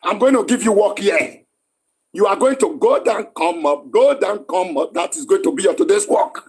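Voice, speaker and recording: Man, Nigerian accent, high pitched, husky, combative, scolding host. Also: normal speed. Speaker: live stream host. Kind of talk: heated live-stream argument.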